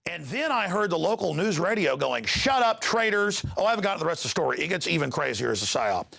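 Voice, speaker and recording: Agitated male host, middle-aged, gravelly and highly animated; ranting commentary with stuttered repeats. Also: fast talker. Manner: agitated, ranting, repeats words when excited. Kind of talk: heated news commentary.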